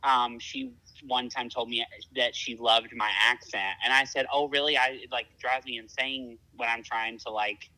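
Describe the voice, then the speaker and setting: A man's voice: medium pitch, steady tone, moderate pace, few pauses, sharp tone, rough recording. A man with a Southern US accent hosting a casual podcast chat, chatty and self-deprecating. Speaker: podcast host.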